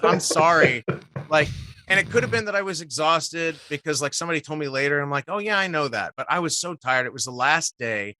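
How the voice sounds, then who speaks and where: Bright-voiced man telling lively stories. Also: a little high, fast, no room sound. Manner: swears casually, acts out quotes. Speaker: guest voice actor. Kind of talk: animated storytelling.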